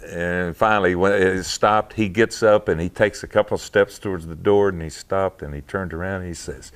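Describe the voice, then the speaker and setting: A very low-voiced man recounts old memories in a casual interview. He talks in a halting, rambling way, full of fillers and restarts, and breaks into laughter often. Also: fairly even intonation, clear, resonant tone. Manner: laughs often while telling stories. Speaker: interview guest, former wrestler.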